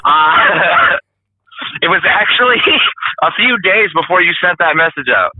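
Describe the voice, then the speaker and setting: A man's voice: high-pitched, lively intonation, a little slow, phone-quality sound, slight background noise. A man who drives trucks, a guest telling a funny story with lots of laughter. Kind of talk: casual storytelling.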